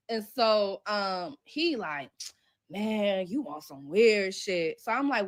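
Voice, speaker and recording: A woman's voice: mid-range voice, lively intonation, measured pace. A woman telling a personal story casually and animatedly with lots of profanity, acting out the dialogue she quotes.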